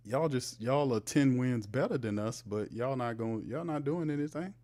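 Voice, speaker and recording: A man's voice: mid-range voice, lively intonation, normal speed, hardly any pauses, a little mellow. A man hosting a sports livestream, talking casually and animatedly, teasing his chat and laughing often. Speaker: sports show host.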